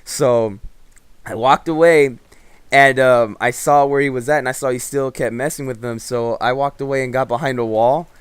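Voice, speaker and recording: A man's voice: mid-range voice, moderate pace, clean tone, no echo. A man telling a rambling, profane story in casual gameplay commentary, full of fillers and restarts. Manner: animated storyteller. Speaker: gaming commentator.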